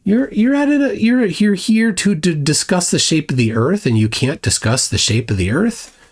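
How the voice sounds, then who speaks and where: A man's voice: high-pitched, big pitch swings, normal speed. A man hosting a livestream, blunt and mocking, commenting sarcastically and reading viewer chats aloud with frequent restarts. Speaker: livestream host.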